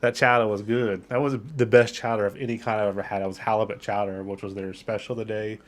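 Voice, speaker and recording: A man with a lowish voice and fairly even intonation talks at a quick pace while hosting a travel vlog. He's chatty and enthusiastic as he walks around outdoors on a town wharf, giving casual narration.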